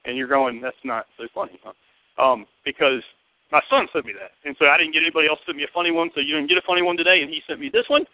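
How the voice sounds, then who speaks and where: A man with a Southern US accent preaching a sermon to his church, lively and joking in a conversational way. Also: a little high, very fast, dry recording. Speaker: pastor. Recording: tinny, phone-like and dry.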